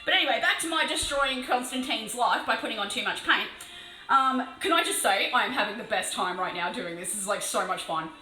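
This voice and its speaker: A woman's voice: fairly high pitch, animated, brisk, bright, forceful tone, echoey room, faint music behind, low-quality recording. An Australian woman chatting casually on a live stream while painting, laughing often and swearing playfully. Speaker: livestreaming miniature painter. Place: room alone.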